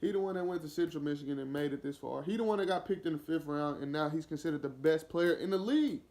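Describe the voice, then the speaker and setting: Speaking fast in a high voice, a podcast host delivers a solo rant about football. He's animated and opinionated, addressing the listener directly, and at times slips into imitating a player's voice.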